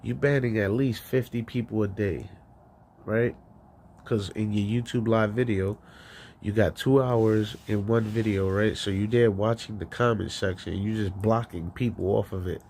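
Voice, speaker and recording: A man's voice: on the low side, fairly even intonation, moderate pace, darkish tone, a little hiss or hum. A man hosting a call-in podcast, rambling and swearing with frequent laughs. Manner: rambling, profane, laughing often. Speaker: podcast host. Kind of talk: casual call-in show rant.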